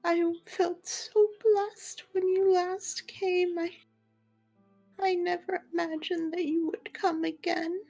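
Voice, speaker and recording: A woman voicing a frail, elderly woman who speaks softly and tenderly. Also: very high-pitched, level tone, slow pace, gravelly, soft background music, voice pushed up, full character voice. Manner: soft, quavering, affectionate.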